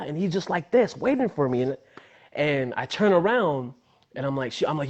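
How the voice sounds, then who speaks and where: A young man recounts a story in a relaxed interview, his voice jumping way up when he gets excited and dropping low and quiet in between. He acts out the other people in his story with their own voices. The sound is a little dull and lo-fi. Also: fairly quick. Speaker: wrestler, interview guest.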